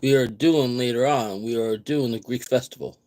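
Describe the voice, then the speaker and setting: A man's voice: medium pitch, moderate pace, a little mellow. A man hosting his own vlog, rambling casually, repeating words and restarting his sentences. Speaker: vlogger host.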